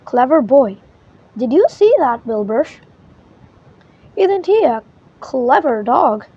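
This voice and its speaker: Winnie, a shrill excitable witch voiced by a woman. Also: takes it slowly, breathy edge, heavily acted. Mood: delighted. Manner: high, exclamatory, bossy and sulky in turns. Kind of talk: storybook read-aloud voice. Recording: muffled lo-fi recording.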